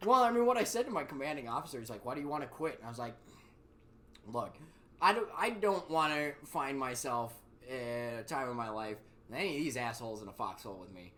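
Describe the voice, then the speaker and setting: Animated, foul-mouthed man telling stories. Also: mid-range voice, fast talker. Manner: profane, animated, acts out quotes in raised voices. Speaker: podcast host. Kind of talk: casual storytelling chat.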